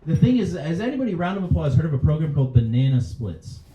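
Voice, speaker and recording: A man's voice: on the high side, big pitch swings, quick pace, mellow, slight background noise. A male stand-up comedian on a club stage who chats with the crowd and laughs at his own jokes. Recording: dull, roomy live club recording. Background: faint audience laughter.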